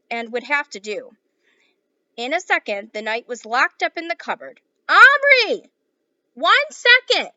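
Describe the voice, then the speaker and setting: A woman teacher with a slightly high voice reads a children's novel aloud to her class in a clear, steady manner, adding classroom asides before giving the students a task. The audio has no echo, and the highs are cut off.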